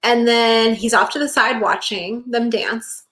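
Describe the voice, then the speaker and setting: A woman's voice: a little high, steady tone, unhurried, a bit bright. A young woman co-hosting a podcast, chatting casually about a TV episode, full of "like" and acting out characters' lines. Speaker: podcast co-host. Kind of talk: casual chat recapping a TV episode.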